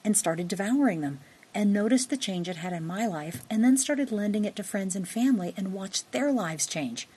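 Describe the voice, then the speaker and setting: A woman's voice: mid-range voice, expressive, normal speed, dark tone, slightly rough. A woman hosting a conversational interview, upbeat and enthusiastic, with a self-deprecating humor. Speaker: interview host.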